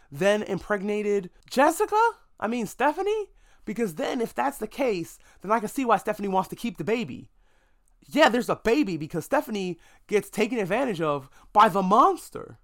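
Animated man ranting about a movie. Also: high-pitched. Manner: animated, swearing, mock-outraged asides. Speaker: podcast host. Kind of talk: casual movie review monologue.

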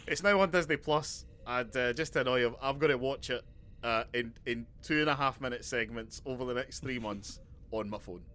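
Man, bright tone, dry deadpan humor, casual podcast banter. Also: mid-range voice, moderate pace. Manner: dry, deadpan absurd jokes. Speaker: podcast co-host. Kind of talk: casual comedic chat.

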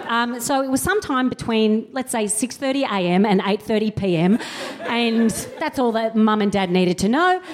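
A woman's voice: medium pitch, darkish tone. A woman around forty, a comedian and co-host, telling a wry, self-mocking comic story to a live audience and acting out quotes in mock voices.

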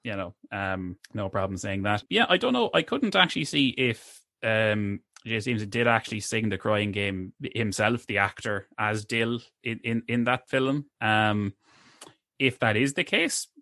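A man's voice: on the low side, animated, unhurried, pushed and bright, no room sound, clean studio sound. A man co-hosting a film review podcast, talking casually with many hesitant restarts. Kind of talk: casual chat.

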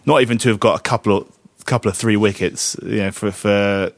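Male podcast co-host, low-pitched, halting delivery with restarts, dry close recording. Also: steady tone, creaky, no echo. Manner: halting, many restarts and fillers. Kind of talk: casual cricket chat.

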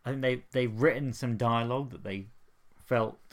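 A man's voice: medium pitch, moderate pace. A man co-hosting a podcast, giving wry, opinionated commentary on a TV series. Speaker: podcast co-host. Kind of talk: casual discussion of a TV series.

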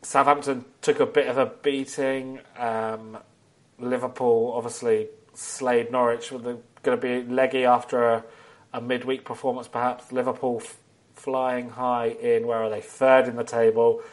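A man's voice: mid-range voice, level tone, unhurried. A man hosting a casual football podcast, bantering, teasing and laughing often. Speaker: podcast host.

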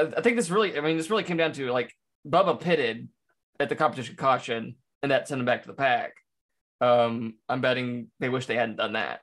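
A man's voice: mid-range voice, a bit bright. A man co-hosting a casual podcast chat, talking with lots of fillers, restarts and hesitant starts. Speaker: podcast co-host. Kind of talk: casual chat about motor racing.

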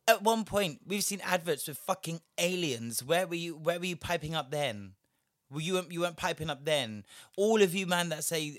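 A man's voice: on the high side, normal speed, no echo, clean studio sound. A young man, delivering a profane, sarcastic ranting commentary as a vlogger. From Britain. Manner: profane, sarcastic, shifting loudness.

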